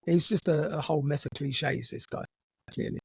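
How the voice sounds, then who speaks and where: A man co-hosting a podcast recounts a true story in a casual, dry, joking style, putting on gruff voices for quotes. His voice is on the high side and fairly quick, recorded with no room sound.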